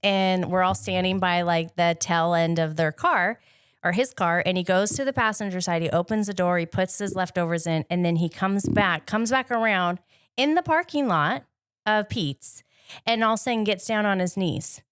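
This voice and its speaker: A woman's voice: lowish voice, moderate pace, clean tone, no echo, clean studio sound. A middle-aged woman co-hosting a podcast, telling a story in casual chat and mimicking the people she quotes. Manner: lively, mimics voices when quoting. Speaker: podcast co-host.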